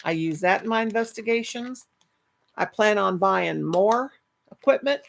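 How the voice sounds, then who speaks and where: A woman's voice: medium pitch, expressive, measured pace, gravelly. A middle-aged woman hosting a casual live stream, reading chat and rambling fondly with many restarts. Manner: chatty, affectionate, rambling with restarts.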